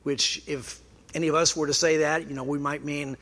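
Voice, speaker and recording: A man's voice: on the high side, flat delivery, brisk, pushed and bright. A man preaching a sermon in a conversational way, with dry self-deprecating humor. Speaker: pastor.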